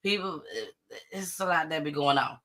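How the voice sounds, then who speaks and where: A woman hosting a casual live-stream gossip show, chatty and animated as she greets viewers. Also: low-pitched, moderate pace. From Atlanta area. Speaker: host of a live online gossip and news show.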